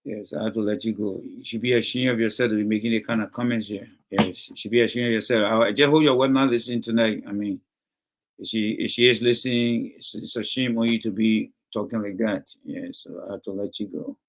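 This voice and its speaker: A man's voice: on the low side, fairly even intonation, a little fast. A middle-aged Liberian man with a Liberian English accent hosts a livestream, reads viewer comments and scolds a commenter over and over with emphasis. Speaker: livestream host reading comments. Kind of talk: casual livestream talk.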